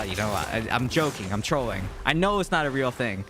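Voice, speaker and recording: A man's voice: medium pitch, sing-song, a little fast, few pauses, music in the background. A man in his thirties with a Mid-Atlantic American accent, casually rambling on a live game stream and answering viewer chat. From US Mid-Atlantic region.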